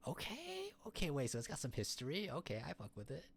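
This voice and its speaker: A man's voice: a little high, wildly swooping pitch, fast, slight background noise. A man streamer rambling and joking through casual running commentary at his computer. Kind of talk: casual live-stream chat.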